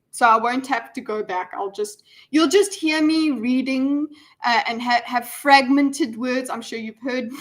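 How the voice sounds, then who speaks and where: Rambling, higher-voiced woman streamer. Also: a bit bright. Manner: rambling, full of ums and restarts; chatty, talks straight to her viewers. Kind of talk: casual live-stream commentary. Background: faint background music.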